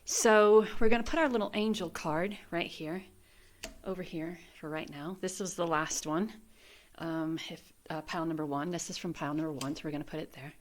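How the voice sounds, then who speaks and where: Soft-spoken woman giving a spiritual tarot reading. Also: sits low, fairly quick. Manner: gentle, spiritual, emotional and tearful at times. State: welling up with tears. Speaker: tarot reader. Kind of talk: casual tarot reading to camera.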